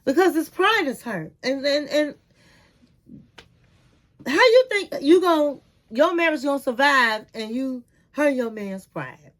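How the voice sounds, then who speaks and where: A woman's voice: high voice, animated, slow pace, poor audio. A middle-aged woman giving chatty, candid commentary as she recaps a reality TV episode, often calling the listener "honey.".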